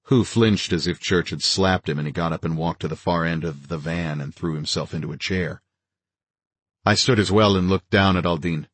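Deep, husky male thriller narrator. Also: steady tone, moderate pace, dry recording. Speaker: audiobook narrator. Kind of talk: first-person thriller narration.

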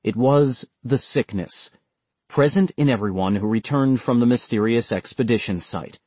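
Husky male audiobook narrator. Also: mid-range voice, no room sound. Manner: steady, measured reading.

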